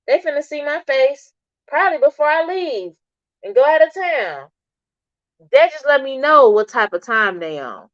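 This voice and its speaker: A woman's voice: medium pitch, a little slow, no echo. A middle-aged woman chatting casually with viewers on a livestream and answering their comments. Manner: chatty, animated, talks back to viewers' comments. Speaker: livestream host. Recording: dull, slightly lo-fi stream audio.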